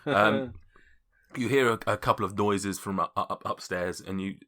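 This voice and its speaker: A man narrating as game master, chatty and quick to laugh. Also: on the low side, sharp tone. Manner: chatty, laughing often, casual swearing.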